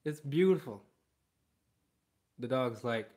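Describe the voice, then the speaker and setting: A man's voice: mid-range voice, slow pace. A man working as a dog trainer, explaining training in an emphatic way and repeating key phrases. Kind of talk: instructional explanation.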